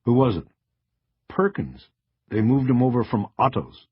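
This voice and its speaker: A man voicing a friendly woman newspaper crime reporter who talks in lively, teasing patter. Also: mid-range voice, unhurried, husky, no echo, phone-quality sound, voice pushed up.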